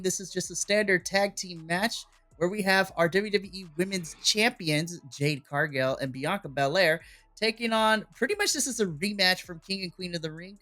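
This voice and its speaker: A man's voice: high voice, sharp tone. A man co-hosting a wrestling podcast, recapping events casually with playful quoted voices and laughter.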